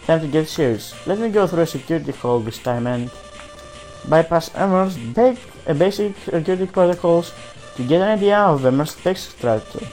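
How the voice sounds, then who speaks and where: A man's voice: fairly high pitch, animated, a little fast, darkish tone, faint music behind, low-quality recording. A man reading on-screen game text aloud while casually commenting on his play, often hesitating and restarting.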